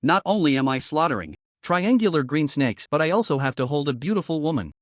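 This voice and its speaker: A man's voice: on the high side, lively intonation, a little fast, no room sound, studio quality, close to an everyday voice. A man doing a cocky young hero. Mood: teasing.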